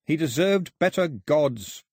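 A stubborn island boy who speaks bluntly and angrily challenges the gods, as a man reading a storybook puts him on. The voice is husky and lively in pitch. It is recorded dry and close. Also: slow pace, no room sound, heavily acted. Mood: defiant. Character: island boy, lone survivor, stubborn and defiant.

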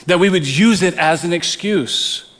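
A man's voice: high-pitched, a little slow, fairly bright tone, big-room sound. A man preaching a sermon as pastor, earnest, often repeating words as he presses a point.

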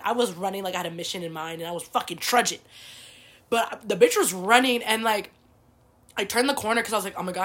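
Animated young woman telling a story. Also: medium pitch. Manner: animated, swears freely, heavy use of "like". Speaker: vlogger. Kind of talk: casual storytelling to camera.

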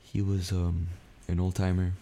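A young man co-hosting a podcast, telling a work story in animated casual chat, swearing freely. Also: low-pitched, unhurried, creaky, slight background noise. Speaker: podcast co-host.

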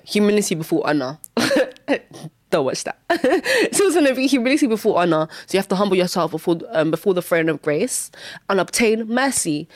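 Candid woman, low-pitched and dry. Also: no echo. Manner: candid, repetitive, bursts into high exclamations. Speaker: Christian vlogger sharing testimony. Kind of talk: personal testimony monologue.

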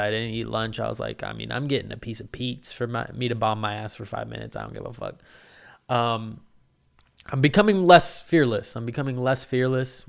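A man hosting a podcast, telling a rambling, profane and excitable story about an open mic. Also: on the low side, gravelly, clear, resonant tone. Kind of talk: casual podcast monologue.

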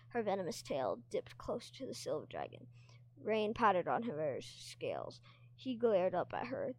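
A woman's voice: fairly low pitch, big pitch swings, a little slow, a little mellow, no room sound. A woman reading a novel aloud expressively, now and then tripping over words and commenting on the characters. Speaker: reader and teacher.

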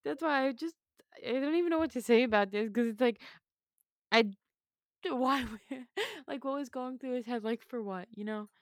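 A woman co-hosting a casual sports talk show, expressive and rambling, with many fillers. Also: fairly high pitch, normal speed, dry recording, studio quality. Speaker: co-host.

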